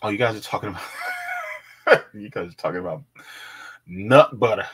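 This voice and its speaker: A man's voice: on the low side, wildly swooping pitch, normal speed, a bit bright, slightly rough. A man hosting a casual livestream, chatting with viewers, reading web pages aloud and laughing easily. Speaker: livestream host.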